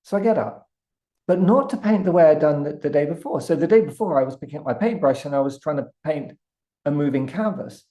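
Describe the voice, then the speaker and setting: A man with a British accent, a guest artist telling a vivid, animated story with frequent restarts. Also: a little high, a little fast. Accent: British English. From Britain. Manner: vivid, building anecdote with many restarts.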